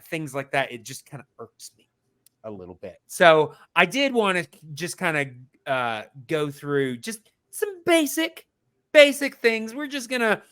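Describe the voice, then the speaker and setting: A man on a podcast giving a casual mock lesson, talking slowly and explaining step by step with lots of fillers. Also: a little high, a bit bright, smooth. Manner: slow, explanatory, many fillers and restarts. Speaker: podcast co-host.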